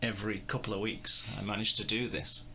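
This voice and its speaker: A man's voice: fairly low pitch, little pitch movement, a little fast, bright, forceful tone, a little hiss or hum. A man hosts a casual music review chat, rambling and self-deprecating as he chuckles at his own slips. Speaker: host.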